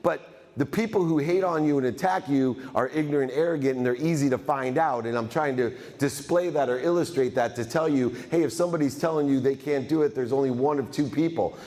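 A man giving a motivational keynote speech, energetic and emphatic, often repeating phrases for effect. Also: medium pitch, a little fast, few pauses. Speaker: motivational speaker. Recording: reverberant hall.

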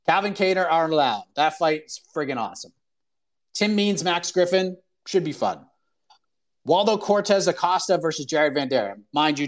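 A man hosting his own fight-sports podcast, talking in a casual, excited, rambling way with slang. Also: on the high side. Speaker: podcast host. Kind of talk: casual solo show talk.

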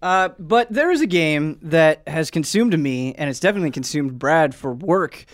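Guy hosting a chat, kinda high voice, rambles with lots of "like". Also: expressive, normal speed. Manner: rambling, filler-heavy, with lots of "like". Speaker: podcast host. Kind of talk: casual chat.

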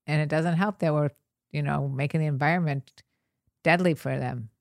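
An older woman co-hosting a podcast in casual chat, gently teasing and rambling. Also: deep voice, fairly even intonation, normal speed, vocal fry, dry recording, clean studio sound. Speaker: podcast co-host.

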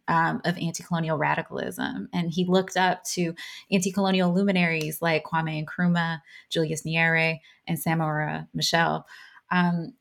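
A woman hosting an interview who asks long, measured questions with frequent pauses and "um"s. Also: lowish voice, vocal fry. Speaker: interviewer, podcast host.

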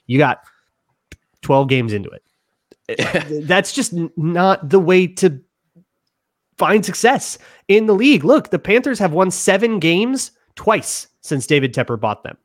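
A man co-hosting a sports talk podcast, delivering an animated, opinionated rant. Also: high voice, a little slow, no echo, clean studio sound. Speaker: podcast co-host.

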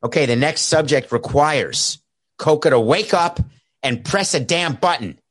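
A man's voice: fairly high pitch, lively intonation, a little slow, fairly bright tone, dry recording. A man hosting a solo sports talk show, rambling and sarcastic with jokey asides, speaking into a headset mic. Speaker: sports podcast host. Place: home studio set with camera and soundboard. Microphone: headset mic with earpiece.

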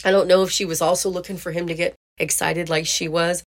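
A woman's voice: lowish voice, level tone, brisk. Chatty woman podcast host telling a story. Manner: chatty, laughs through the story. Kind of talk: casual storytelling monologue.

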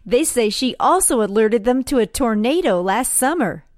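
A woman reads a short news item, steady and scripted. Her voice sits a bit high and sounds close and dry, with no room around it. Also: normal speed, dry recording. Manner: even, read-aloud delivery. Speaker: news reporter.

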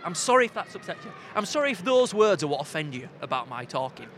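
A man co-hosting a podcast, talking in quick, wry, teasing banter. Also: fairly high pitch, very animated, a bit bright. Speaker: podcast co-host. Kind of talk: casual banter. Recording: noisy background.

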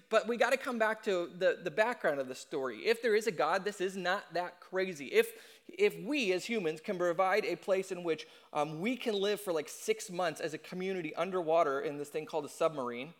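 A young adult man preaching a sermon as a pastor, in a conversational, animated way and acting out quotes. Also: high-pitched.

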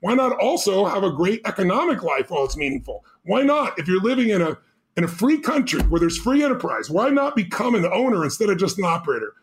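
A man's voice: sits high, big pitch swings, fast. A man as a podcast guest, telling a motivational story with emphatic, urgent punch.

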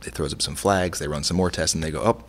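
A man's voice: extremely low pitch, quick pace, slight background noise. A middle-aged man, a chef and restaurant owner, talking in a casual interview, rambling through stories with lots of restarts. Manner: rambling, many restarts, animated storytelling.

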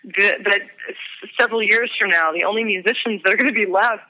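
A woman's voice: medium pitch, fairly quick, phone-quality sound. A woman musician talking in a casual interview, earnest and self-mocking, with lots of hesitations. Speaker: musician guest.

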